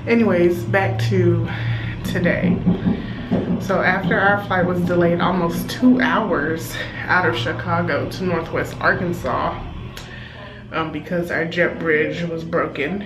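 A woman, chatting casually to viewers as a flight attendant vlogger and telling a story with animated asides. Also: on the low side, slow, music in the background, low-quality recording. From Texas. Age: 30s. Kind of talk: casual vlog chat. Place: hotel hallway and room. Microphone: handheld compact camera.

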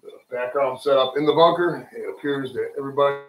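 Chatting loosely on a home livestream with friends around, this male host jokes, rambles, and curses freely off the cuff. He talks fast in a mid-range voice, with soft music playing in the background. The distant mic makes the room sound spacious.

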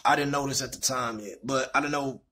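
A man's voice: mid-range voice, fairly quick, pushed and bright, husky. A young man telling a personal story in a candid, rambling way, full of fillers. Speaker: vlogger.

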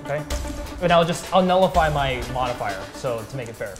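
A man playing a tabletop game, quickly explaining how his attacks work. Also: medium pitch, expressive, music in the background. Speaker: player. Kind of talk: casual tabletop game talk.

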